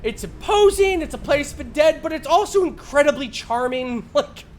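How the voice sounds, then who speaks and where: A man's voice: very high-pitched, normal speed, faint music behind. A man streaming a game, chatting casually with lots of swearing and laughter. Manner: animated, swearing, laughing often. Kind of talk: casual chat while gaming.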